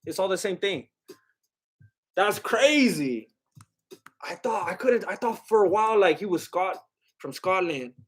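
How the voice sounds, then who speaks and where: A man with a high voice for a man chats loosely on a live stream. He rambles, jokes and restarts his sentences as he reacts to chat. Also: lively intonation, measured pace, long pauses, breathy edge. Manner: rambling and joking, with lots of "like" and restarts; loose, chatty, breaks into bits of song.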